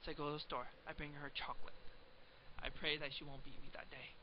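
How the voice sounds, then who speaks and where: Young male math teacher, playful and chatty, slightly raised pitch, lo-fi webcam sound. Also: flat delivery, fast. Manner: chatty, joking, asks the viewer questions. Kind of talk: casual classroom lecture. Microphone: webcam microphone. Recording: dull lo-fi home webcam recording with faint hiss.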